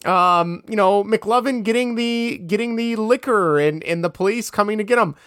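A woman's voice: mid-range voice, moderate pace, smooth, dry recording. A woman chats casually about a favourite film, rambling from scene to scene and reading lines off her notes. Her voice sits mid-range. The recording is dry and close to the microphone. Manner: rambling, quoting scenes, searching notes aloud. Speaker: podcast co-host. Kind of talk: casual chat about a movie.

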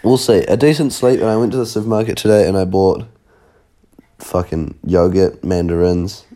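Coughing young New man, deep voice. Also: fast talker, dark tone. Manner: blunt, swearing, laid-back. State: sick, coughing, sore throat. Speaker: podcast co-host. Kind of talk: casual podcast chat.

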